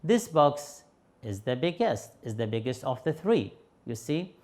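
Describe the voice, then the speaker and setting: A man with an Arabic accent teaching English grammar on television, explaining slowly and patiently with fillers and repeated examples. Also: medium pitch, big pitch swings, darkish tone. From Yemen. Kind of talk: TV grammar lesson.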